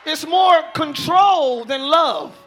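A man pastor preaching a live sermon in church, building to shouted passages and joking asides to the congregation. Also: very high voice, animated, slow, slight background noise.

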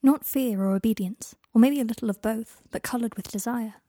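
Female story narrator; mellow, husky tone, dry close recording. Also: a little high, brisk, no echo. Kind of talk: reading a story aloud.

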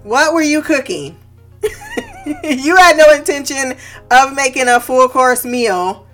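Woman podcast host with a high voice, loose and profane, breaking into laughter, faint music underneath. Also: lively intonation, takes it slowly, a bit bright. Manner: laughs often, swears freely, goes off on tangents. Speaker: podcast host recapping a TV episode. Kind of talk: casual chat.

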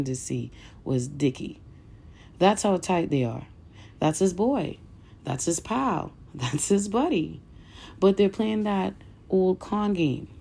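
Low gravelly woman, earnest podcast host. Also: mellow. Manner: earnest, emphatic reading with occasional stumbles. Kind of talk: podcast commentary and reading aloud.

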